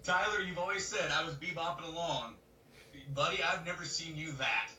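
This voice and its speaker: A man co-hosting a podcast, telling a story in casual chat, animated and laughing as he acts out other people's lines. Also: on the high side, moderate pace. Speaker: podcast co-host. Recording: roomy webcam mic from a distance, faint noise.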